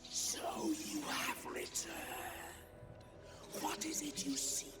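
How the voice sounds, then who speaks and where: An actor voicing an ancient, sinister undead lord in a video game, speaking in an eerie breathy whisper with a slow, mocking manner. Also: male voice, very high voice, steady tone. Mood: menacing. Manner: slow, drawn-out, taunting. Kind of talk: video game character dialogue. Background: loud game music.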